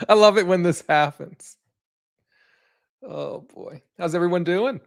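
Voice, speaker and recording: A man's voice: high voice, slow pace, gravelly. A middle-aged man co-hosting a casual live stream, chatty and thanking viewers as he rambles through stories. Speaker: co-host of a pop culture live stream.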